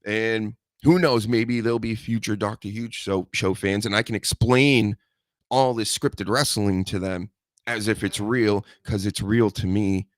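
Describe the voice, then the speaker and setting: A man hosting a solo podcast, rambling and joking with mock threats and loud mocking outbursts. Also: lowish voice, fairly even intonation, measured pace, dry recording, studio quality. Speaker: podcast host. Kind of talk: casual solo wrestling podcast chat.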